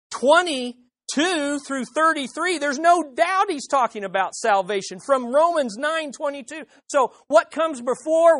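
A woman's voice: sits high, a bit bright, dry recording. A woman preaching a sermon, putting rhetorical questions to the audience with emphasis.

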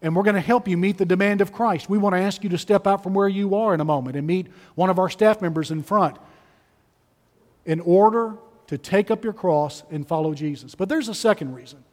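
Male pastor, emphatic sermon storytelling, high voice, long hall reverb. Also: a little fast, a little mellow. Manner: emphatic storytelling, repeats key phrases.

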